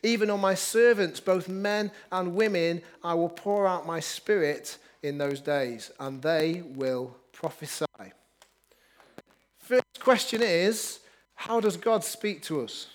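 Pastor, male, higher voice, energetic preaching with banter. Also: slow. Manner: upbeat, joking with the congregation. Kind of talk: lively sermon.

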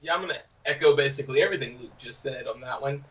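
A man co-hosting a casual podcast, telling anecdotes in an animated way. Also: mid-range voice, rapid-fire, recorded from a distance, lo-fi sound. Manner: animated storyteller. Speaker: podcast co-host.

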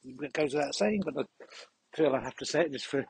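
Deadpan rambling man on a country walk. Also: medium pitch, fast, breathy edge, no room sound, low-quality recording. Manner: deadpan, mock-serious, rambling. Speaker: podcast host. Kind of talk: comic rambling monologue on a walk. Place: outdoors in the countryside, walking a dog.

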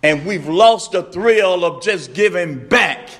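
A man preaching a sermon, slow and emphatic, repeating his refrains and rising to shouts. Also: high-pitched, lively intonation.

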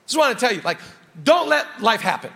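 High-pitched guy preaching hard in a big echoey hall, lots of quick asides to the crowd. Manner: energetic preaching, quick asides, voices God in quotes. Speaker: pastor. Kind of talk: sermon. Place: church auditorium. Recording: long reverb of a large hall.

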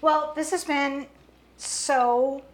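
A woman's voice: high-pitched, fairly even intonation, very slow. A woman hosting a cooking podcast in her home kitchen, chatting effusively with guests over food. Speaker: podcast host. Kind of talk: casual chat over food.

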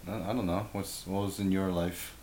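A man's voice: fairly even intonation, normal speed, darkish tone. A man co-hosting a podcast, teasing and answering briefly in laid-back casual chat. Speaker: podcast co-host. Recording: echoey room with faint rumble.

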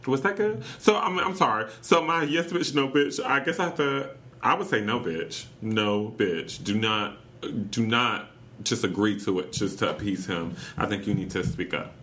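A man with a North Carolina accent co-hosting a chatty podcast, animated and teasing, laughing often. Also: fairly low pitch, moderate pace, a little hiss or hum. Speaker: podcast co-host. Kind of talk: casual chat.

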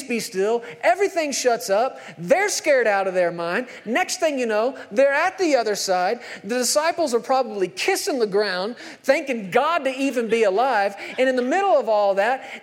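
A man with a notably high voice delivers a sermon. He retells the stories with energy and acts out the quoted speech. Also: moderate pace. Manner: animated storytelling, acting out quotes. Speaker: preacher.

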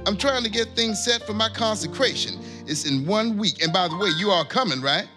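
In a church comedy drama, a man acts as a bossy, impatient middle-aged pastor with a high, lively voice. He sounds concerned and is brisk, brusque and commanding with his secretary. Music plays in the background.

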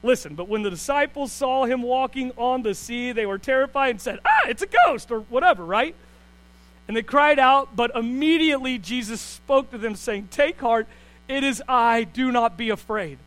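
A high-pitched man delivers a sermon with lively swings from soft asides to loud, excited bursts. A faint mains hum runs under his voice throughout. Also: no room sound, poor audio. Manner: animated, swings from quiet to loud and fast. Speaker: pastor.

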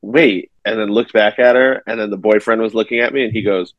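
A man comedian on a video call, telling a story in halting bits. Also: lowish voice, fairly even intonation, muffled recording. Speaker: comedian guest. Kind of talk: anecdote telling.

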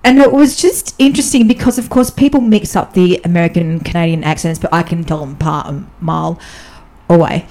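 Woman, podcast guest, casual chat, mellow relaxed voice, candid, chatty, animated storytelling. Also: fairly quick. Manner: candid and chatty, with frequent restarts and fillers; animated, often jumps up in pitch when telling stories. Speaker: guest, diplomatic spouse.

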